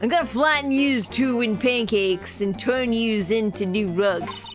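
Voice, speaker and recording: Gruff, menacing mob boss, hot-tempered, higher than expected, read by a woman, faint music under. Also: unhurried, natural voice. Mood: taunting. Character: menacing mobster boss, male, middle-aged, hot-tempered.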